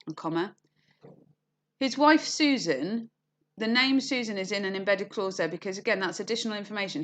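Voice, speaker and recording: Woman, lowish voice, teacher, online lesson, clear step-by-step explaining. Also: fairly bright tone. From England. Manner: explains clearly, frequent "okay" and "you know", acts out quoted lines. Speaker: English teacher.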